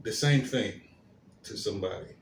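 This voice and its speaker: A man hosting his own commentary stream, talking in a halting way with many fillers and restarts, his phrases trailing off softly. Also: on the low side, creaky. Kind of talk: slow, hesitant solo commentary. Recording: roomy echo, faint background hiss.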